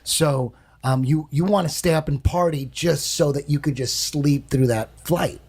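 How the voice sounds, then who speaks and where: A man casually telling an animated, profane story on a podcast, acting out voices and sounds. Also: a little high, moderate pace, husky. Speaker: guest storyteller.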